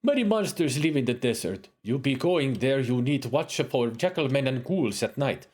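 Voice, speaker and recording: A man's voice: mid-range voice, lively intonation, moderate pace, a little mellow, lightly acted. A man voicing a proud spear-fighting warrior woman in broken English with a wandering put-on accent. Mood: warning. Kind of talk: reading game dialogue aloud in character.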